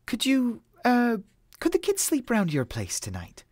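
A man's voice: extremely high pitch, wildly swooping pitch, measured pace, darkish tone, no room sound, clean studio sound, pitched above the performer's own voice, full character voice. A man voicing a cheerful young woman who hesitantly asks a favor. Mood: hopeful. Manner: hesitant, eager.

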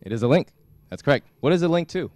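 A young man giving a classroom lecture as a student instructor, talking in a halting way with many restarts. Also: a little high, expressive, a little mellow, dry recording. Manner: halting, frequent restarts and fillers. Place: lecture hall.

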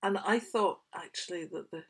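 A woman, a children's author, reading her picture book aloud for young children with expressive, whispery asides. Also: on the low side, normal speed, slightly rough.

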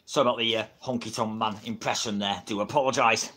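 A man's voice: on the low side, steady tone, fast talker, bright, forceful tone. A middle-aged man with an English accent, chatting casually on a livestream, rambling and laughing often, recorded on a built-in camera mic at home. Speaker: wrestling livestreamer. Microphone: built-in camera mic, no microphone.

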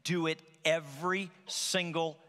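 A man's voice: on the high side, measured pace, in a large hall. A man preaching a sermon as a pastor, telling stories animatedly and acting out the quotes. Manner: animated storytelling with acted-out quotes. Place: large church hall.

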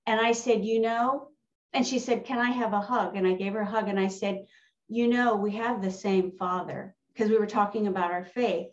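A woman sharing a personal testimony in a casual, animated storytelling way, acting out the conversations she recounts. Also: mid-range voice, normal speed. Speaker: church member sharing a testimony. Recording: distant, roomy, dull sound.

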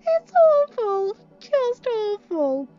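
A woman's voice: dull audio, faint music behind. A woman voicing a frantic young pony mare who wails and squeals. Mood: distraught. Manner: shrill, wailing and fast.

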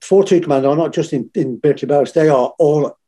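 A man's voice: fairly high pitch, fast. Sweary Liverpool veteran in his fifties. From England. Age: 50s. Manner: blunt, swears freely, animated when quoting others. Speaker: interview guest, former Royal Marine and firefighter. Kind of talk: casual storytelling.

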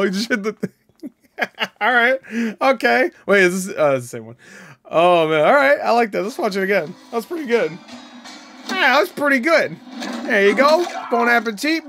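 Excitable rambling man with a higher voice. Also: moderate pace, noisy background. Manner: rambling and excitable, laughs and swears often; thinks aloud with many fillers and restarts. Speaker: reaction video host. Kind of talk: casual reaction commentary.

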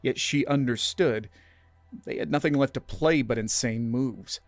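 A man's voice: mid-range voice, unhurried, no room sound. Man narrating a sci-fi story, dry sound. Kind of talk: scripted narration.

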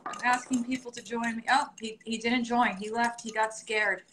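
A woman's voice: fairly high pitch, fairly even intonation, normal speed, fairly bright tone, a little hiss or hum. A young woman chatting casually and rambling on a live stream while cooking, laughing often. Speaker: vlogger doing a live stream. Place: home kitchen. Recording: echoey kitchen with dish clatter. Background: clinking cutlery and dishes.

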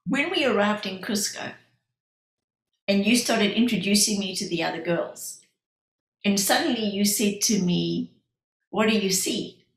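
A woman's voice: medium pitch, measured pace, pauses often. A woman breaking in on a casual conversation to share her own memory. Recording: echoey room, voice from off-mic.

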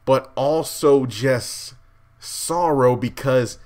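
A man recapping a TV episode in an excited, rambling, emotional way, addressing his viewers directly. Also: medium pitch, extremely slow. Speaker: TV show recap vlogger.

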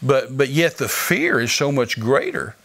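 An older man tells a faith story in a folksy, animated preaching manner. His voice has a gravelly edge at a middling pitch. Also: measured pace. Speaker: evangelist guest. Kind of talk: storytelling testimony.

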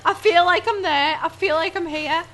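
Casting: woman, very high bright voice, skittish horror-game commentary, swears and yelps. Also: moderate pace. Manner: jumpy, swears and screams at scares. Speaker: gamer. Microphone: headset.

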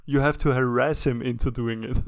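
A man's voice: medium pitch, a little slow, no room sound, clean studio sound. A man filling in as co-host in casual podcast chat, joking and laughing often. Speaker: stand-in co-host.

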